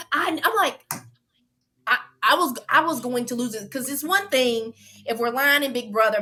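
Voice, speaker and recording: Woman, interview guest, fairly high pitch, emphatic storytelling, repeats herself. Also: bright, forceful tone. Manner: emphatic, repeats phrases, acts out quotes. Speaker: reality show contestant guest.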